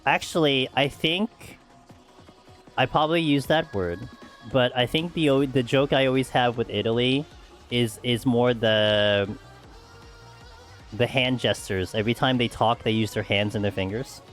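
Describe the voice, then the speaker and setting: A man's voice: medium pitch, unhurried, fairly bright tone, faint music behind. A man streaming a game, chatting casually with friends in a loose, rambling way and laughing often. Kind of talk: casual chat while gaming.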